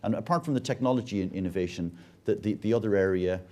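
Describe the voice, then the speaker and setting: A man's voice: on the low side, fast talker, mellow. An Irish man speaking on a conference panel, often stumbling and repeating words as he restarts his sentences. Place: conference stage.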